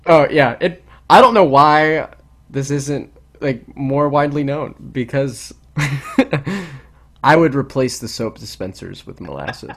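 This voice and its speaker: Rambling animated podcast guy. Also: mid-range voice, slow. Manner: rambling, animated, lots of restarts. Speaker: podcast co-host. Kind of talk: casual chat.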